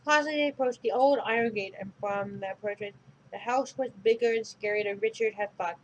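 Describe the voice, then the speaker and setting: Casual woman storybook reader, chatty, mid-pitched, faint background hiss. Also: a little fast, low-quality recording. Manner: chatty, unpolished reading. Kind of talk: casual read-aloud with asides to viewers.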